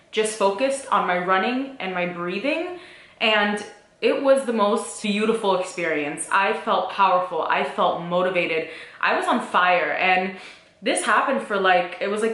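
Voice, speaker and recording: A young woman speaks in a casual, confessional vlog, chatty and open, with plenty of "like" between her thoughts. Her voice sits at a middle pitch and carries the echo of a bare room. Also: a bit bright. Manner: open, chatty, emotional at times, many fillers like "like". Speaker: vlogger. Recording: echoey room.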